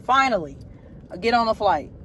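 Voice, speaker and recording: A woman's voice: medium pitch, sing-song, moderate pace, fairly bright tone. A woman, a teacher, telling a profane, exasperated story about her trip in a casual storytime chat, filmed on a phone while she sits in a car. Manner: snaps at traffic while driving. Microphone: phone camera.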